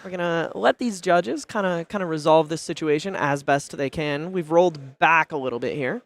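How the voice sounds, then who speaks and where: A man's voice: on the high side, normal speed. A man commentating a card game tournament, chatty and anecdotal, full of little fillers.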